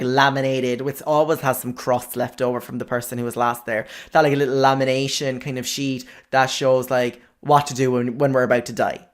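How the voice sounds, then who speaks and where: A man, a podcast host telling a comic story in an exaggerated, sweary, animated way. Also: mid-range voice.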